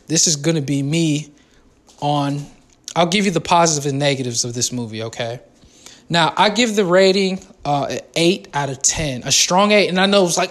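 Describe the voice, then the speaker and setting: A man giving a casual movie review on his vlog, rambling and excitable, jumping between topics and correcting himself as he goes. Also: fairly high pitch.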